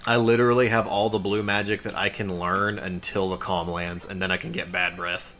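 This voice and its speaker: A man's voice: deep voice, flat delivery, fairly quick, fairly bright tone. A young man casually commenting on his gameplay and explaining game mechanics. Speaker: let's play host. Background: game music.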